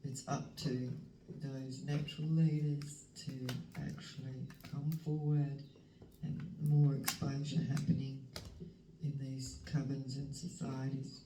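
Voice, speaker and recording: A woman, giving a spiritual tarot reading in a slow, emotional, halting way that sometimes drops to a whisper. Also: extremely low pitch, level tone. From Western Australia. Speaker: tarot reader. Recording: roomy, distant mic, faint background noise.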